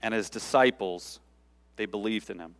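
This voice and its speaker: A man's voice: on the low side, normal speed. A man preaching a sermon, explaining scripture in a conversational, informal way with frequent asides. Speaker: pastor.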